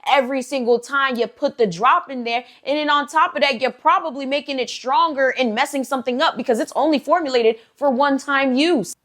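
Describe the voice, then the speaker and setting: Woman putting on a high, exasperated witch auntie. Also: fairly quick, few pauses, a bit bright. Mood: scolding. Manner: exasperated, scolding. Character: indignant older female Latina witch aunt, blunt.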